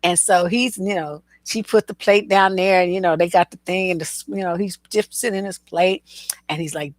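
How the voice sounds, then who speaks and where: A woman's voice: on the low side, fairly even intonation, fairly quick, no room sound. A woman relationship coach telling stories in casual commentary, laughing through her anecdotes and talking bluntly with profanity.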